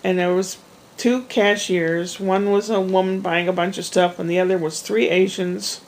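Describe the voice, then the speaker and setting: Speaking directly to the camera, a woman vlogger with a gravelly, fry-tinged, medium-pitched voice spins a winding personal story at a moderate pace. She's chatty and rambling, drifting into asides and restarting sentences casually. The audio quality is poor.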